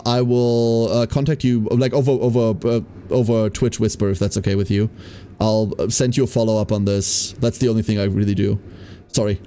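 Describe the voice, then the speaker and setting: A man's voice: mid-range voice, warm tone. A man streaming a game live, thinking aloud in a casual, frank way and swearing now and then. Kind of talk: live-streamed gameplay commentary.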